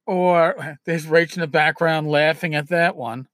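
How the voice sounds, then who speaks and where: A man's voice: on the high side, fairly even intonation, unhurried, hardly any pauses, a bit bright, no room sound. A man who grew up in New York City gives game masters casual, rambling advice. He is self-deprecating and often restarts his sentences.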